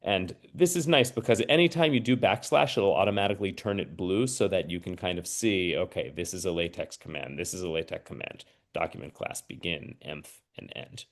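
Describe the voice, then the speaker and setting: A man with a fairly low voice walks learners through a typing tool on screen. He explains patiently, one step at a time, and keeps checking that they follow. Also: fairly quick, hardly any pauses. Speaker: mathematics teacher trainer. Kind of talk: screen-share lesson.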